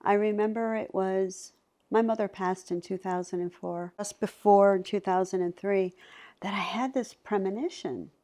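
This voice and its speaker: Speaking at a normal speed with a medium-pitched voice, a middle-aged psychic medium tells stories in conversation. She is animated and performs the voices of the characters she describes.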